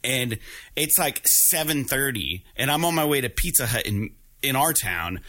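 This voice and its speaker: A man with a bright, forward tone talks straight to his audience in a loose vlog style. He tells his story excitedly, swearing freely and often restarting his sentences. His pitch sits in an ordinary middle range for a man. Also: moderate pace. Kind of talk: casual storytelling to camera.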